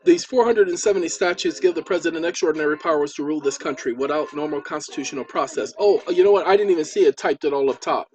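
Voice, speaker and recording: A man's voice: a little high, fast, hardly any pauses, darkish tone. A man hosting his own channel, lecturing viewers in a chatty way and repeating points for emphasis while he types. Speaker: channel host.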